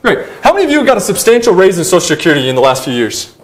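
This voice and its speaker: A young adult man preaching a sermon as pastor, telling animated stories with humorous asides and acting out his own past rants. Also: high voice, racing, a crowd in the background.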